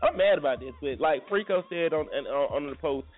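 A man's voice: a little high, animated, moderate pace. A man hosting a casual morning radio chat, rambling and joking as he talks. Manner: rambling and joking, many restarts. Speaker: morning show host. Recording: tinny phone-like audio with faint music.

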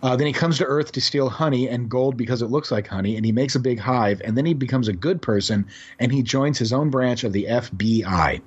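A male podcast guest who tells stories about odd old comics in a lively way and chuckles as he goes. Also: mid-range voice, a little fast, slightly rough, muffled recording. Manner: animated storyteller, chuckles while describing odd comics. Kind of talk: casual podcast conversation.

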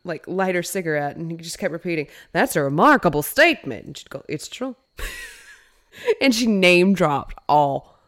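A woman co-hosting a podcast, telling a story in casual chat, animated and laughing often with playful asides. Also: lowish voice, normal speed. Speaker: podcast co-host.

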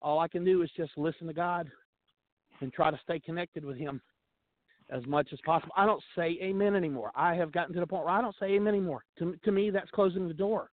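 Male guest, earnest and emotional; slightly high voice, dry phone-quality line. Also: quick pace, no echo. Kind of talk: heartfelt testimony on talk radio.

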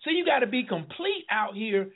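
A high-voiced man hosts a call-in radio show, excitable and preachy, whooping and laughing as he talks. His voice comes through a tinny phone line. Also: moderate pace. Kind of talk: lively call-in radio talk.

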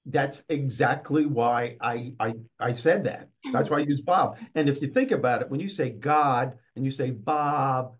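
A man, an author and motivational speaker, telling a story as an interview guest in a lively way and acting out the scenes, on dull lo-fi audio. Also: mid-range voice, a little slow, few pauses.

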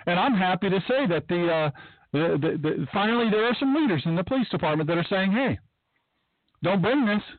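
A man's voice: sits high, expressive, fast, no room sound. Tinny-sounding emphatic talk radio man. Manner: emphatic, rambling, repeats himself. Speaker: podcast host. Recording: tinny phone-like dry sound.

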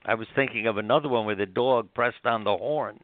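An older man, a guest author, telling heartfelt stories in an animated, rambling way with many restarts, heard over a phone line. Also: medium pitch, fairly quick, no room sound. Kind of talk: storytelling interview.

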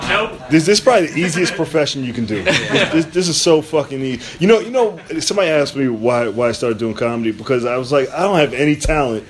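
A man's voice: medium pitch, fast. A man from the Bronx hosting a podcast, cracking profane jokes and laughing a lot while teasing his guests. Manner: teasing, crude, laughs often. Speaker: podcast host. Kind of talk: loose, profane comedy banter.

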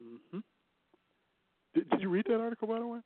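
A man's voice: high voice, big pitch swings, brisk, no echo. A chatty man co-hosts a casual news talk show, teasing and laughing as he goes. His mid-range voice comes through dry and tinny, like a phone line. He talks loosely, full of fillers and asides. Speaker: co-host.

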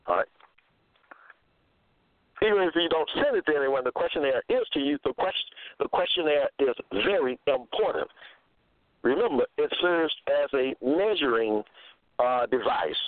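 A man's voice: mid-range voice, no echo. A man giving a Bible teaching monologue, asking his listeners question after question and repeating himself. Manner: repetitive, asks listeners rhetorical questions. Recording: dry, phone-like lo-fi audio.

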